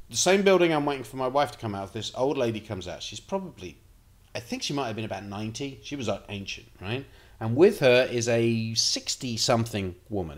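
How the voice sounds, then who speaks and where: A man vlogging, telling rambling and profane anecdotes in a casual storytelling style. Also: on the low side.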